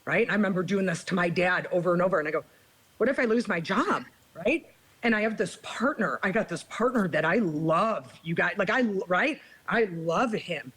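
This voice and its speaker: A woman's voice: fairly low pitch, animated, moderate pace, a bit bright, breathy edge, poor audio. A woman guest on a recovery podcast, telling her own story in a candid, confessional way and often checking in with "right?" and "you guys".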